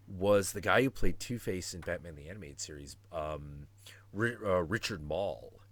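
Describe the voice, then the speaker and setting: A man's voice: on the low side, expressive, moderate pace, no room sound. A man in his forties hosting a stream in casual chat, talking animatedly and profanely and acting out quotes. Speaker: stream host.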